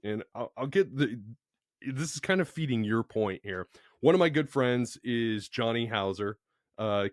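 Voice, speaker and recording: A man hosting a podcast, talking in a relaxed, conversational way and affirming his guest. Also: lowish voice, dry recording, studio quality. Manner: expressive, affirming interjections. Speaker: podcast host. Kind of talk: conversational interview.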